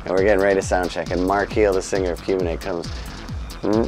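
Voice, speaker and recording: Profane storytelling man, low voice. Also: quick pace, soft background music, rough recording. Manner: animated, profane anecdotes. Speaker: musician interviewee. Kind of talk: storytelling interview.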